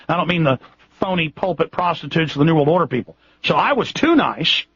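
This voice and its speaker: A man's voice: fairly high pitch, gravelly, fairly bright tone, husky, no echo, highs cut off. A Texan man hosting a radio show, talking in an impassioned, rambling way with frequent restarts. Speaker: radio host. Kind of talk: radio monologue.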